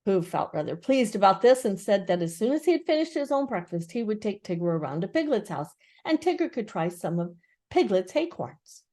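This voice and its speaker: An older woman gently and expressively reading a children's book aloud. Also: medium pitch, very animated, a little fast. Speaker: storyteller.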